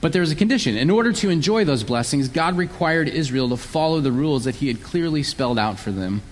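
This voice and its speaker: A man's voice: a little high, lively intonation, fast talker, slight background noise. A man preaching a sermon, explaining scripture earnestly and sometimes acting out sarcastic voices. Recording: long hall reverb.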